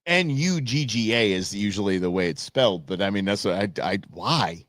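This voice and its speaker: A man hosting a live stream, reacting to a TV clip in a blunt, rambling way and often restarting his sentences. His pitch swings up and down a lot. The sound is dry and close, with no room echo. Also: animated, normal speed, a bit bright.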